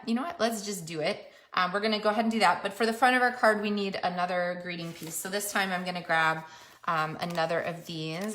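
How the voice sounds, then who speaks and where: A woman's voice: medium pitch, a bit bright. A woman demonstrating card making, chatting casually as she works. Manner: chatty, self-narrating while working. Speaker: papercraft demonstrator. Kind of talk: crafting tutorial narration.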